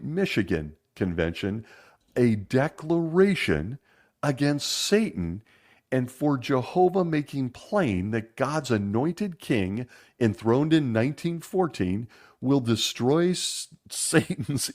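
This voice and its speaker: A man hosting a casual monologue, making wry sarcastic asides and laughing as he talks, slowing down to stress points. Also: mid-range voice. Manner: laughs often while talking; lively and animated, slowing down for emphasis. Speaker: podcast host.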